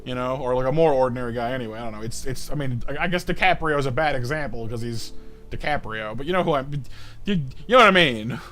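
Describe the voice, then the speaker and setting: A man's voice: medium pitch, fast, fairly bright tone. A man in his thirties chatting casually on a live art stream, rambling and stammering with lots of fillers. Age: 30s.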